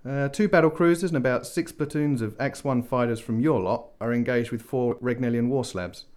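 A man's voice: medium pitch, normal speed, a little mellow, natural voice. A man voicing Death as a casual, thirtyish man, offhand and mildly amused. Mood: explaining.

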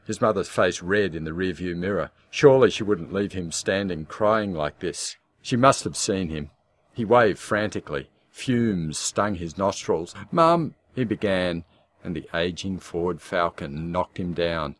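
A man in scripted audiobook narration with a measured, darkly wry storytelling manner. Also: deep voice.

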